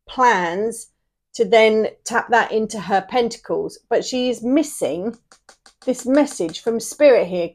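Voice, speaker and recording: A woman's voice: mid-range voice, darkish tone. A woman giving a casual tarot reading, chatty and rambling, often checking in with "yeah?". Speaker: tarot reader.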